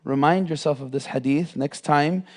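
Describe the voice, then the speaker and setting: A man teaching a mosque class, animated, acting out imagined speakers with frequent fillers. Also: fairly high pitch, normal speed. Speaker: Islamic teacher.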